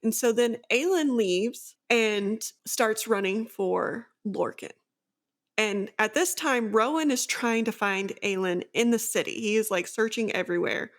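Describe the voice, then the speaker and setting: A woman's voice: a little high, measured pace. A woman co-hosting a casual book discussion, recapping the plot at length with many "like" fillers. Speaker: book podcast co-host.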